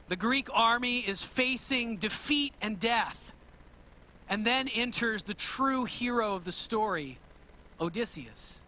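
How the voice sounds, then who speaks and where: Male pastor, very high voice, bright and forceful, lively storytelling sermon, asks the congregation questions. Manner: animated storytelling, retelling myths to a congregation.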